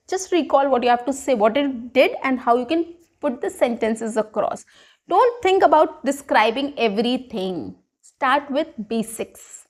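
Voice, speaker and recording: A woman giving a casual spoken lesson, coaching viewers in a chatty way and often checking in with "right?". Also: high voice. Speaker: English teacher. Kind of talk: spoken English lesson to camera.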